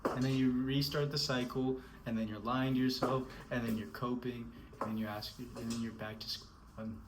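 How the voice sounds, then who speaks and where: A man's voice: mid-range voice, little pitch movement, normal speed, background noise. A man giving a scolding, emphatic motivational rant, repeating himself and calling the listener bro. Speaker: motivational speaker.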